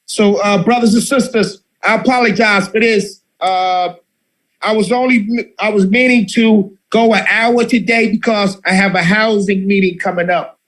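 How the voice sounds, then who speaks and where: A man leading a political study group, speaking in a fiery, impassioned way, repeating phrases and filling pauses with "uh". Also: high voice, fairly even intonation, fairly bright tone, low-quality recording.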